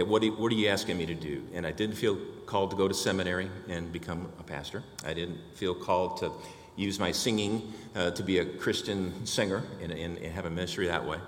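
A man's voice: sits low, fairly quick, reverberant, big-room sound. An older man giving a personal testimony to a church congregation, telling his story and acting out the dialogue.

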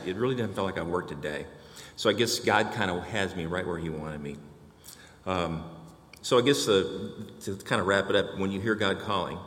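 Deep-voiced older man telling his story. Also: a bit bright, echoey room, in a large hall. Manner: storytelling, acting out dialogue. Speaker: church member giving testimony. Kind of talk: personal testimony before a congregation.

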